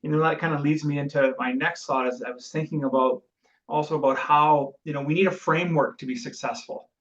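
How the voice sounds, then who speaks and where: A man hosts the podcast, warmly affirming his guest before rolling into long, reflective questions. He sounds set back from the microphone, and the audio is dull and lo-fi. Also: fairly high pitch, fairly even intonation, fairly quick. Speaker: podcast host. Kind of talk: interview questions. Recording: distant, dull lo-fi mic.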